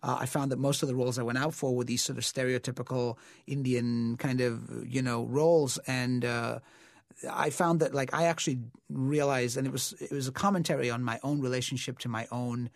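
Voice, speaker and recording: A man's voice: medium pitch, fairly even intonation, a little fast, creaky, no echo. Reflective man telling stories in a dry, close recording. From United States. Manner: reflective, many fillers and restarts. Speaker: actor, interview guest. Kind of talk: conversational interview storytelling.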